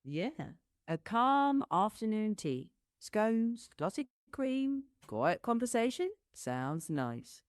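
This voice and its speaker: A synthetic woman's voice with a British accent, an AI assistant answering a streamer calmly and politely. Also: medium pitch, clear, resonant tone, dry recording, studio quality. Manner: calm, polite, measured replies. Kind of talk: chat with a streamer.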